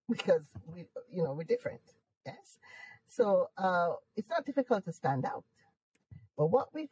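A woman's voice: on the low side, mellow, slightly rough, dry recording, rough recording. A woman with a Jamaican accent, a guest in an interview, who talks emphatically and upbeat and laughs often. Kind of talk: casual conversational interview.

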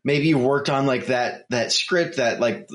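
A man's voice: medium pitch, measured pace, fairly bright tone. Laid-back man podcast co-host. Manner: laid-back, thoughtful, hesitant restarts. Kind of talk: casual chat.

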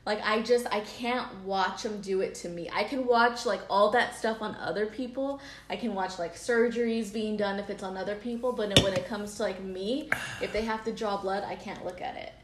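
Relaxed woman chatting, echoey room. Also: mid-range voice, normal speed, few pauses, a little hiss or hum. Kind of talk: casual chat.

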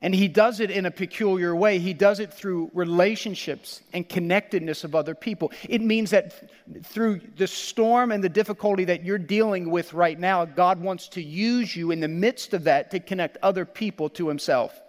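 High-voiced pastor preaching in a hall. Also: male voice, normal speed. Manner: animated, laughs often, acts out quoted lines. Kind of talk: sermon.

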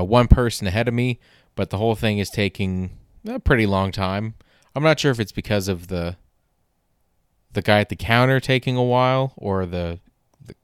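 A young man tells a rambling, exasperated comedic story, swearing casually as he goes. His voice sits a little low and sounds smooth and clear. The recording is dry and close, with no room sound. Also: dry recording. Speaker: podcast host.

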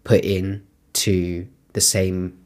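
British guy, late twenties, lower voice, candid chatty co-host, lots of "like". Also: level tone, very slow. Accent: British English. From Britain. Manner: candid, reflective, heavy use of "like" and swearing. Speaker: podcast co-host. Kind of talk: casual chat.

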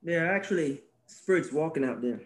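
High pitched guy on a faith podcast, preachy, acts stuff out and repeats himself. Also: a little fast. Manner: preachy, animated, acts out little scenes, repeats key phrases. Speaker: podcast co-host. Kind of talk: faith-based conversational talk.

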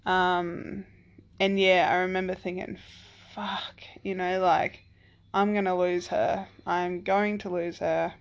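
Speaking slowly in a low, creaky voice with a flat delivery, this single mother in her thirties or forties wanders through a personal anecdote. She fills it with "like" and "um" and doesn't hold back on the swearing.

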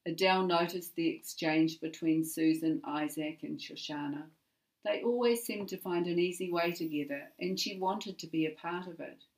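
A woman narrating a family story in an even, measured way. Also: lowish voice, recorded from a distance, low-quality recording.

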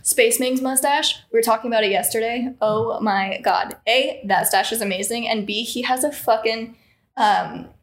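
A woman's voice: on the high side, normal speed, echoey room. A young woman co-hosting a casual podcast, telling stories with frequent laughter and swearing, recorded in a small room. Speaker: podcast co-host. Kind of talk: casual chat. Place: small hot room with lights and a computer.

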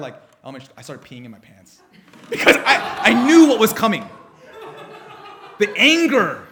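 Animated, slightly high-voiced male preacher. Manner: animated storytelling with frequent restarts. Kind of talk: sermon.

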